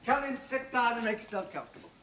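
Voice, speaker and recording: An actor playing a crisp, well-spoken veterinary surgeon who is brisk and theatrical, in a 1970s television drama. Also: male voice, extremely high pitch, expressive, a bit bright, a little hiss or hum. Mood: brusque. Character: brisk, theatrical country vet in charge.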